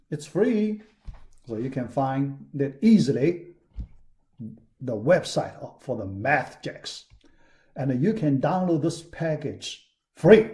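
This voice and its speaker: A man lecturing to his class at an unhurried, slow pace. His voice is mellow and dark, and he talks in a halting way, stopping and restarting often. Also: mid-range voice. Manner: halting, many fillers and restarts. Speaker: university lecturer. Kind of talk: recorded lecture.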